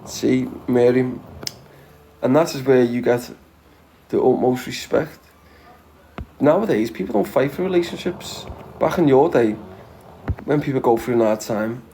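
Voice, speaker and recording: A man's voice: medium pitch, a little slow, pauses often, mellow, a little hiss or hum. A man with a Scouse accent chatting casually to viewers as a livestreamer, blunt and full of swearing, chuckling often. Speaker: livestreamer reading viewer comments.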